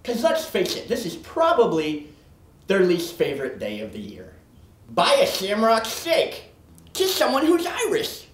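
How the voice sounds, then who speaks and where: A performer voicing a boastful oddball man who wants to be a leprechaun, in a comedy sketch monologue, lurching from manic shouts to low mutters. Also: huge pitch swings, unhurried, slight background noise. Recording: roomy echo.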